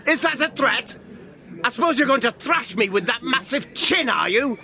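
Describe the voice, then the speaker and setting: A man's voice: very high voice, lively intonation, normal speed, pushed and bright, heavily acted. A man voicing a panicked, foul-mouthed middle-aged potter in an improvised comedy role-play, melodramatic and swearing. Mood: indignant.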